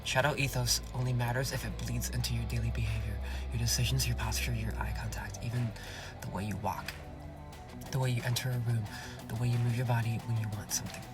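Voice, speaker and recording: A man hosting a self-help podcast, speaking in a slow, commanding way that often drops to a whisper and is peppered with "okay?" and "you guys". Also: medium pitch, flat delivery, music in the background. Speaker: podcast host.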